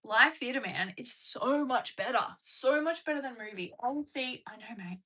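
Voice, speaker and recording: A woman's voice: on the high side, expressive, normal speed, pushed and bright, breathy edge. A young woman hosting a casual livestream from home, chatting and answering viewer comments. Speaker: livestream host. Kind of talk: casual live-stream chat.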